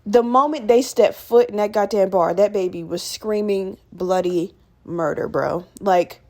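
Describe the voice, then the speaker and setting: A woman's voice: medium pitch, a little slow. A young woman hosting a podcast, telling a story casually with lots of swearing and acting out other people in raised voices. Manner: animated, profane, acts out quoted people in raised voices. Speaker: podcast host.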